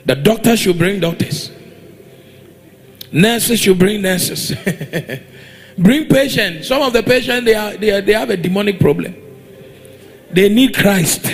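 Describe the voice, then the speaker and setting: A man's voice: high-pitched, a little slow. A man with a Ghanaian accent preaching a sermon in a church, exhorting the congregation and demanding they answer back. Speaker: pastor.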